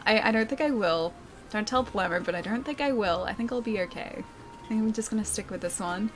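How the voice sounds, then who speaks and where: A woman's voice: mid-range voice, fast, faint music behind. Chatty, laughing female streamer. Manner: chatty, self-deprecating, laughs often, reads chat aloud. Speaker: streamer reading chat. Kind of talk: casual gameplay stream chat.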